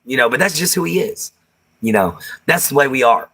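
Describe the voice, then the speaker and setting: A man's voice: medium pitch, very animated, a little fast, creaky, pushed and bright, husky. A man with a Texan accent hosting a livestream, chatting casually with viewers, laughing often and using Southern slang. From Texas. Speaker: livestream host. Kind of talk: casual chat reading viewer comments.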